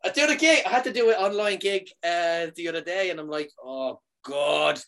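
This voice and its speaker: Comedian guy in his 30s just chatting, lively stories, voice jumps way up when he quotes people. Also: fast. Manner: animated storyteller, jumps high for quoted lines. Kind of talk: casual chat.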